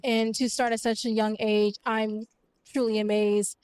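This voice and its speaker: Heartfelt woman, clear steady voice. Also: a little high, measured pace, no room sound. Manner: heartfelt, emotional. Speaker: audience member giving a shout-out.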